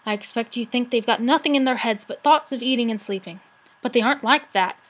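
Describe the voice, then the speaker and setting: A woman voicing a grumpy, sharp-tongued female forest brownie in a storybook reading. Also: a little high, lightly acted. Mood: scolding. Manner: scolding, cross, quick-tempered.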